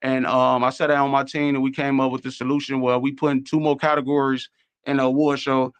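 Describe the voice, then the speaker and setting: A man's voice: mid-range voice, level tone, fast, clean tone, dry recording. A man with a Chicago accent who runs an award show, talking casually on a radio show in a rambling way with many fillers and restarts.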